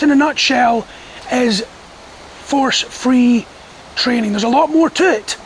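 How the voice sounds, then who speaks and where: A man who trains dogs, explaining training methods to the camera in a calm, measured, firm way. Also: extremely high pitch, vocal fry, a little hiss or hum, rough recording. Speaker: dog trainer. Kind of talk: instructional talk to camera.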